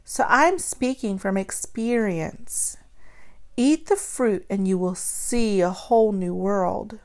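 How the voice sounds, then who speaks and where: A woman's voice: mid-range voice, slow. A woman voicing a sly male serpent who coaxes and persuades in a storybook tale. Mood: coaxing. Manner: persuasive, coaxing.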